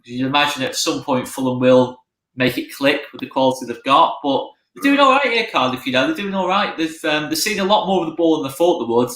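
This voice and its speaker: Man, fan-stream co-host, chatty match talk, loops back over his words, brightish tone, echoey room. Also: medium pitch. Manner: chatty, repeats himself while thinking. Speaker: co-host of a football fan watchalong. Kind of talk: casual live match chat. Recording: roomy echo.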